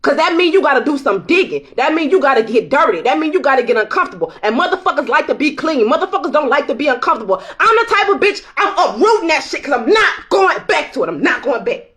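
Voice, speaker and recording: High-voiced woman giving a blunt, profane pep talk. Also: sing-song, quick pace, hardly any pauses, a bit bright. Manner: blunt, profane, emphatic, laughs often. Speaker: tarot reader. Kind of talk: casual tarot vlog pep talk.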